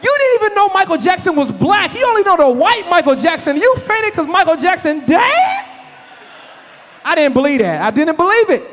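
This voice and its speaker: A man in his thirties doing stand-up comedy, telling stories in an animated, conversational way. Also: extremely high pitch, normal speed. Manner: animated, conversational, loose Southern-inflected slang. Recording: echoey hall.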